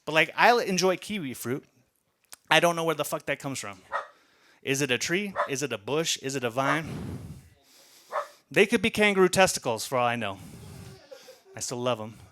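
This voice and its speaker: A man's voice: on the high side, expressive, moderate pace, long pauses, sharp tone, slight background noise. A man doing a rambling, profane stand-up comedy set with a self-deprecating edge.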